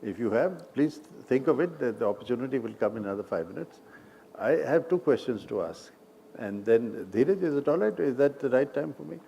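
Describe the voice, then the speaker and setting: Gravelly, mellow man asking questions. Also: medium pitch, animated, fairly quick, a little hiss or hum. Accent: Indian English. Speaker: moderator, interviewer. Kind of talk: on-stage interview. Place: large hall.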